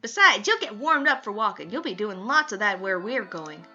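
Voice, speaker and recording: Casting: a woman doing a friendly old Southern trucker, folksy drawl, bright voice, slightly muffled with faint music. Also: medium pitch, big pitch swings, normal speed. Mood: folksy cheerful. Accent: put-on Southern US. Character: cheerful folksy old male truck driver.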